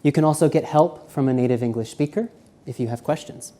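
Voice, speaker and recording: A man giving a live seminar lecture, walking around and shifting between quiet, slow speech and loud emphasis. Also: mid-range voice. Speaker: seminar presenter. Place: university seminar room.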